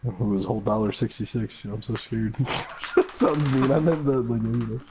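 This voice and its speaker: A man's voice: mid-range voice, steady tone, moderate pace. A young man chatting casually over a card game, rambling with lots of fillers and frequent laughs. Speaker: gaming video host. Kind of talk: casual gameplay chat. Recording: dull lo-fi mic with faint noise.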